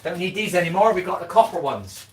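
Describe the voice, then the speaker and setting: In his home kitchen, a livestream host cooks, tidies, and rambles to his viewers, answering the chat directly and now and then swearing bluntly. His high voice is very animated and fast, competing with heavy background noise.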